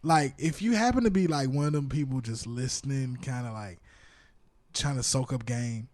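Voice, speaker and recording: A man's voice: medium pitch, moderate pace, darkish tone, dry recording. A man co-hosting a casual podcast, telling stories in a laid-back way and laughing often. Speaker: podcast co-host.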